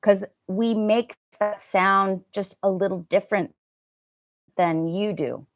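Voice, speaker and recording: A woman's voice: medium pitch, steady tone, takes it slowly, no echo, clean studio sound. A woman with an American accent teaching a live online pronunciation class, chatting and laughing as she answers viewer comments. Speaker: English teacher.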